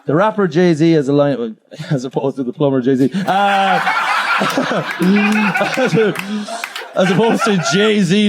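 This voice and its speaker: A young man doing crude stand-up on stage, laughing as he swings between high yelps and low mutters. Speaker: stand-up comedian. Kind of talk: live stand-up set. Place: comedy club stage. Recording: live club with loud crowd laughter.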